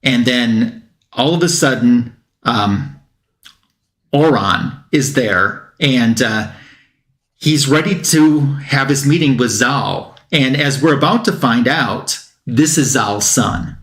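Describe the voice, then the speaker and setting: A man's voice: mid-range voice, takes it slowly, a bit bright, reverberant. A man on a comic book talk show retelling a plot in a casual, rambling way, with fillers and quotes that he acts out.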